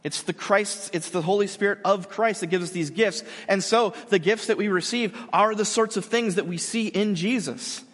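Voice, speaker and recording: Animated male preacher in a reverberant hall. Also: high voice, moderate pace, hardly any pauses. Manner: animated storytelling, acting out quotes in loud and hushed voices. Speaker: pastor. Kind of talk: sermon.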